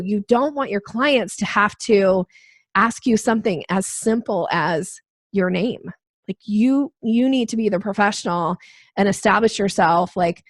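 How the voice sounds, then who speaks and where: A woman sales trainer answering interview questions, explaining with lively acted-out examples. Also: medium pitch, dry recording, clean studio sound. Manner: animated, acts out quoted voices.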